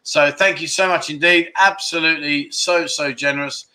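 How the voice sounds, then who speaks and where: A man's voice: fairly high pitch, steady tone, moderate pace, pushed and bright. A man hosting a casual livestream, chatty and grateful, with many restarts as he thanks viewers. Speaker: livestream host. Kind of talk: casual chat reading out viewer donations. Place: Pattaya, Thailand.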